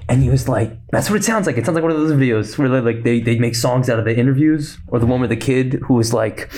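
A young man hosting a casual solo podcast, talking quickly and rambling with a slight lisp. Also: medium pitch, a little mellow. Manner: rambling, fast-talking, self-interrupting. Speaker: podcast host.

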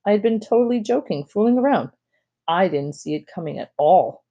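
Brief: casual storybook reader, kid-like delivery, warm and mellow. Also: medium pitch, lively intonation, a little fast, muffled recording. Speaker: audiobook reader. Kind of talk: reading a children's novel aloud, first-person narration.

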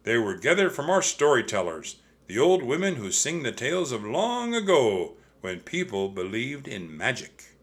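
A man doing a gentle welcoming monk. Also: medium pitch, sing-song, moderate pace, few pauses, lightly acted. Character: kindly adult male monk guide.

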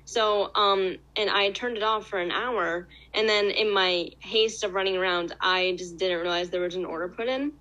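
A woman's voice: medium pitch, fairly even intonation, moderate pace, few pauses, sharp tone, dull audio. A young adult woman, a former restaurant hostess, telling a story in casual chat and laughing through her words.

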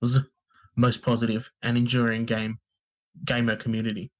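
A man's voice: mid-range voice, monotone, moderate pace, highs cut off. A man co-hosting a podcast, reading gaming news aloud in a casual, sweary, joking way and tripping over names. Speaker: podcast co-host.

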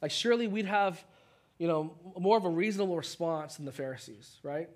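A man preaching a sermon as pastor, conversational, acting out quick voices of the people in the story. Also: a little high, animated.

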